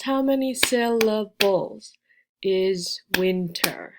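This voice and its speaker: An American ESL teacher leads a beginner English lesson, slowly and patiently sounding out letters and encouraging her learners with praise. Her voice is mid-range, against a noisy background.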